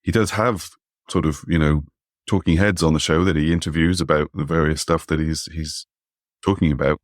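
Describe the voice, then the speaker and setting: A man's voice: a bass voice, fairly even intonation, normal speed, no echo, clean studio sound. A man in casual podcast chat, skeptical and thinking aloud with frequent restarts.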